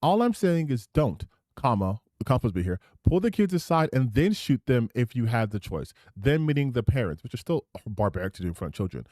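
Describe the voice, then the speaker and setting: A man's voice: mid-range voice, sing-song, brisk, few pauses, darkish tone, dry recording. Indignant, sarcastic male streamer, dry sound. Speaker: streamer reacting to clips. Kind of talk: profane reaction commentary.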